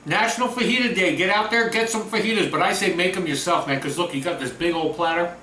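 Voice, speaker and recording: A chatty, upbeat man talks his way through a home cooking demo, his voice bright and a little high. He sounds roomy and echoey, standing back from the mic in his kitchen, with food sizzling faintly on the grill. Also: fast, recorded from a distance, a little hiss or hum.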